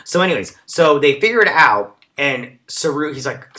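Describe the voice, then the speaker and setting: A man's voice: on the high side, animated, moderate pace, sharp tone. A man hosting a casual episode recap and review, chatty and rambling with lots of fillers. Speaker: show recap host.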